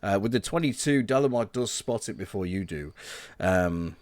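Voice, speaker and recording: A laid-back man narrates a tabletop game session for his players over a video call. His voice sits low but moves through a wide, lively range. The sound is close and dry, with no room around it. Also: moderate pace, dry recording. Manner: laid-back, laughs often. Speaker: game master. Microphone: home mic on a video call.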